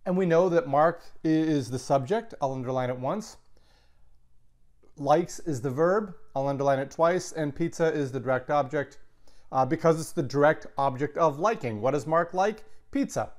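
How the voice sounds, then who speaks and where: A man with a slightly high voice teaches a Latin lesson. He walks through grammar step by step and slows down to repeat key words. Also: a little mellow. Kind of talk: recorded classroom lecture.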